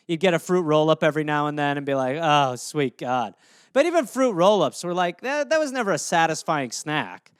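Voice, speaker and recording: A man's voice: a little high, very animated, a little fast, clean tone, no echo, studio quality. A man hosting a solo comedy podcast, rambling through jokes and poking fun at himself. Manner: rambling, self-mocking jokes. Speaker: podcast host.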